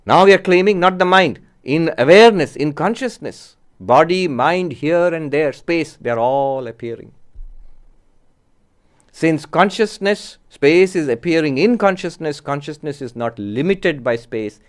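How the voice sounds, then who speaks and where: A man giving a spiritual discourse as a Vedanta teacher, measured and explanatory, often posing rhetorical questions. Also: on the high side, animated.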